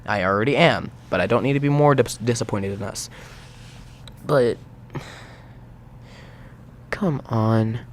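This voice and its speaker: A man's voice: mid-range voice, a little slow, long pauses, a little hiss or hum. A young man in exasperated, sarcastic reaction commentary, swearing freely as he rants.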